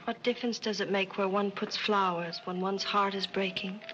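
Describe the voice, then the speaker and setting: An actress playing a spoiled young heiress who talks in a petulant, melodramatic way, in 1930s film style. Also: female voice, fairly high pitch, steady tone, brisk, bright, forceful tone. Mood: sulky. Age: young adult. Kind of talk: 1930s screwball film acting. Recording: muffled 1930s film soundtrack with music.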